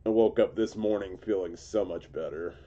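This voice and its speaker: A man's voice: low voice, moderate pace, background noise. A male gaming streamer in a casual, chatty live commentary, congested and coughing from a cold. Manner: relaxed, chatty, self-mocking jokes. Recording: dull lo-fi stream audio with game music. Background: game music.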